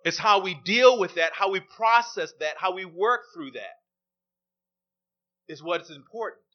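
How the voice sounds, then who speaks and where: High-voiced emphatic male preacher, lo-fi. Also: measured pace. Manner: emphatic, repeats key phrases. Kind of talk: sermon. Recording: dull lo-fi recording.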